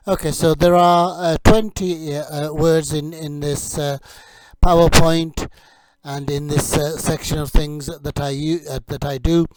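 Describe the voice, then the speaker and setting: A man teaching English vocabulary in a slow repeat-after-me drill, speaking in a measured, deliberate way with hesitant pauses. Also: on the high side, little pitch movement, dry recording, poor audio.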